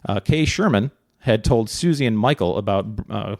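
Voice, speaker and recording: Man, podcast co-host, gravelly voice, dry close sound, casual rambling storytelling. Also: lowish voice, moderate pace, no room sound. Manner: relaxed, rambling, many fillers, joking asides. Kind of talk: casual true-crime storytelling.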